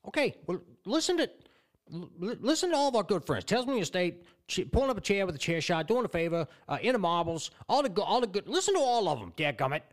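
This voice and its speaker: A man's voice: high voice, big pitch swings, quick pace. A young man co-hosting a casual comedy podcast, exasperated and stammering, often repeating his words. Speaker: podcast co-host.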